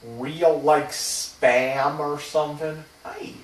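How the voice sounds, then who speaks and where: A man's voice: fairly high pitch, fairly even intonation, drawn-out words. Rambling man recorded from afar. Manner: rambling, hesitant, swears casually. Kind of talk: rambling personal storytelling. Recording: roomy, distant from the mic.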